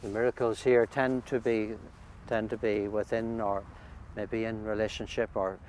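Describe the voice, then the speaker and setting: Halting priest, outdoors. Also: male voice, on the low side, little pitch movement, a little mellow. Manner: thoughtful, halting, with many restarts and fillers. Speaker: priest hosting pilgrims. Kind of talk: conversational interview. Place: outdoors at a lake shore. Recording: faint outdoor background noise.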